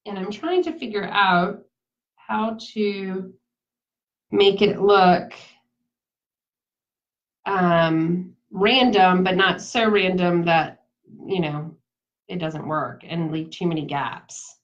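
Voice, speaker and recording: A woman's voice: fairly low pitch, slow, pauses often. A woman giving a casual live craft demonstration, chatty, laughing easily and talking straight to her viewers. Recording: dull lo-fi sound.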